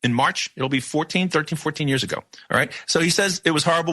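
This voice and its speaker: A male radio host pushes his points in emphatic bursts and keeps firing off rhetorical questions. His voice sits a little high, with a bright, sharp edge. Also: quick pace, hardly any pauses. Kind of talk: opinionated radio talk.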